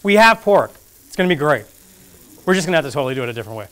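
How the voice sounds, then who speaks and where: Racing along with big pitch swings, a man with a slightly high, fairly bright voice cooks through a recipe in a casual, jokey class at a community kitchen classroom. He narrates each step, chatting and teasing himself as he goes, with slight background noise.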